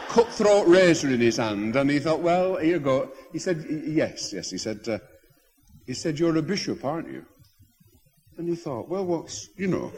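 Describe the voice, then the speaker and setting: A bishop tells stories from the pulpit, his husky voice swinging up and down as he goes. He restarts his sentences, then presses on. The sound rings with the long reverb of a big church hall. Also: a little high. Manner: anecdotal, animated, with hesitant restarts. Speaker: bishop preaching. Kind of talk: sermon storytelling.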